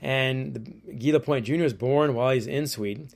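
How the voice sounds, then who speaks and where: A man, an author interviewed as a guest, telling stories in a lively way and acting out quotes. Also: medium pitch, normal speed, creaky. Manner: lively storyteller who acts out quotes. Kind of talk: storytelling interview.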